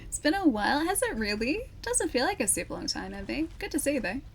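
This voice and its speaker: A woman's voice: high-pitched, sing-song, quick pace, a little hiss or hum. A woman streaming a video game, chatting casually, laughing often and greeting viewers by name. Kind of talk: casual chat while playing a game.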